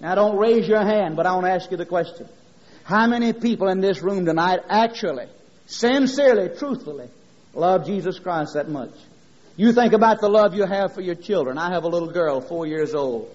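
A man's voice: on the high side, darkish tone. A middle-aged man preaching a sermon, impassioned and rhythmic, mixing scripture with homespun stories. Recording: dull lo-fi sermon recording.

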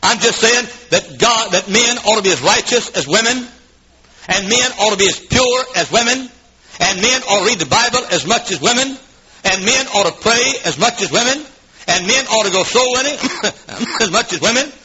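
A man preaching a fiery revival sermon in a church, swinging from shouts to hushed asides and coughing now and then. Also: high-pitched, lively intonation, moderate pace, crowd noise. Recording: dull lo-fi old recording.

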